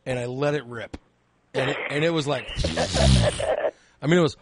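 A man's voice: mid-range voice, normal speed, heavy background noise. A man hosting a call-in chat, blunt and teasing, with crude humor. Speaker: host.

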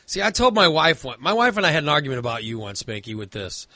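A man's voice: on the high side, sing-song, quick pace, pushed and bright, no room sound. A man chatting casually, telling a long rambling story full of fillers and restarts. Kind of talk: casual chat.

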